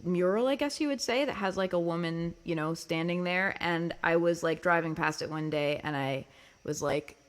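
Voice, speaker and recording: A woman with a lowish voice hosts her own music livestream as a singer-songwriter, talking at a moderate pace. She chats casually with viewers, laughs often, and fills her speech with ums and likes.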